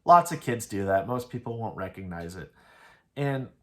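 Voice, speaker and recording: An anime reviewer with a fairly low, fairly bright voice casually analyzes an episode at a moderate pace. His intonation is lively, and his rambling retelling is peppered with "like".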